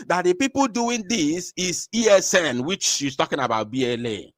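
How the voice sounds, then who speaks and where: A man's voice: fairly high pitch, big pitch swings, normal speed, hardly any pauses, a bit bright, no echo, studio quality. A man with an Igbo-accented Nigerian English voice giving impassioned commentary as a show host, angry and repeating phrases for emphasis.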